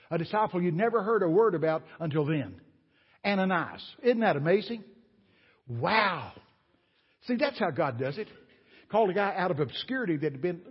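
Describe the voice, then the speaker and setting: A man's voice: a little high, breathy edge, long reverb tail, muffled recording. An older man preaching a sermon as a guest speaker, folksy and emphatic, weaving homespun stories into his preaching in a church. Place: church sanctuary.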